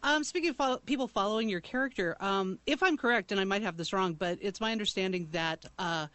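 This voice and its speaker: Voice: mid-range voice, a little fast, bright, forceful tone, no echo. An interviewer asks an actor a careful, hedged question. The voice sounds dry and close.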